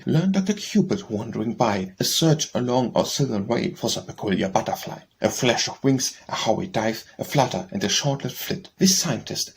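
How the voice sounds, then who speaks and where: A man reading poems for an audiobook, calmly announcing each title and author before the verse. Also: medium pitch, gravelly, husky. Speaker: audiobook reader. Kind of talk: poetry reading.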